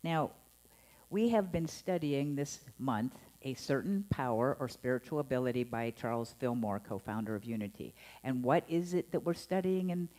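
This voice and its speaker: A woman's voice: a bass voice, normal speed. A woman minister giving a Sunday sermon in a playful, conversational way. She acts out the tones she is talking about. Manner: animated and playful, acting out scolding tones with laughs. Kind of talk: Sunday sermon to a live and online congregation. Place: church service.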